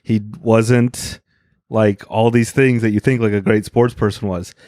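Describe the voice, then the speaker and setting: Rambling, deadpan young man. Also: lowish voice, moderate pace, no echo, clean studio sound. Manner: rambling, deadpan, stumbles over words. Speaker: podcast co-host. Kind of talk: casual chat.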